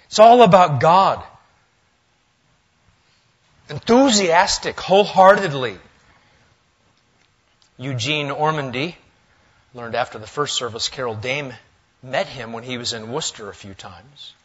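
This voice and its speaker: A male pastor preaching a sermon in a church, lively and swinging between loud, emphatic lines and hushed asides. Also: medium pitch, unhurried, long pauses, breathy edge, lo-fi sound. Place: church sanctuary.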